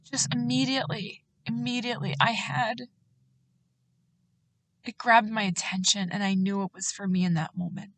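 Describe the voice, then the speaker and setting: A woman host telling a personal faith story in an earnest way, getting animated when she quotes others and laughing at herself. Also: mid-range voice, normal speed. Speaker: podcast host.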